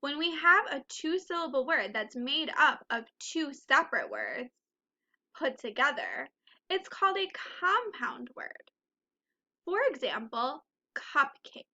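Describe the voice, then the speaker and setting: A woman teaching a first grade phonics lesson, speaking slowly and clearly and clapping out the syllables of words. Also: high voice, sing-song, bright, forceful tone, highs cut off.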